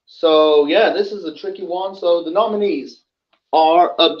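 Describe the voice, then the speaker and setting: A man's voice: on the high side, measured pace, slight background noise. Rambling man, distant in a roomy space. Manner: rambling, self-correcting, many fillers. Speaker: host. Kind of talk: casual awards rundown. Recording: roomy, distant, dull lo-fi sound.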